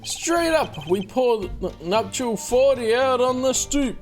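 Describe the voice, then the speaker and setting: A woman's voice: a little high, lively intonation, takes it slowly, darkish tone, soft background music, pitched above the performer's own voice. A woman voicing a cocky young male street thug who is lovestruck, talking in slangy gangster swagger.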